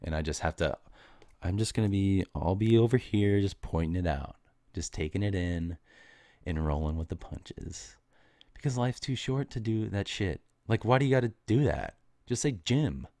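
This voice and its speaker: Deep-voiced man ranting on a podcast. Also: expressive, moderate pace, dark tone, dry recording. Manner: ranting, exasperated, mocking. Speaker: podcast host. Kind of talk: casual solo podcast monologue.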